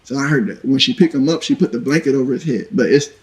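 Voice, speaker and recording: A man's voice: medium pitch, quick pace, darkish tone, poor audio. Blunt, profane male interview guest. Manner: blunt, profane, matter-of-fact storytelling. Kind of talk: recounting a violent story in an interview.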